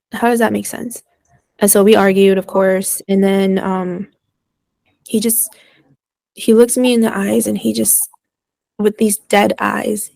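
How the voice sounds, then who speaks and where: A young woman speaks candidly on a podcast, her voice carrying a gravelly, creaky texture. She recounts things in halting bursts and pauses. The sound is dry and close, with no room around it. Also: medium pitch, a little mellow, dry recording. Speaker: guest. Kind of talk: personal storytelling in a podcast conversation.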